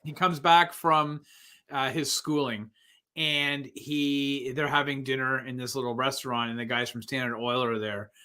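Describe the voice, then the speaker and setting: A man's voice: mid-range voice, fairly even intonation, unhurried, bright, forceful tone. A man co-hosting a podcast, chatting casually about a movie, laughing often and acting out lines. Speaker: podcast co-host.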